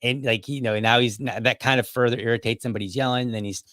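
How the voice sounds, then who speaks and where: A man's voice: mid-range voice, steady tone, quick pace, a bit bright, no echo. A man hosting a podcast, telling a story casually with many restarts and asides. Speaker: podcast host.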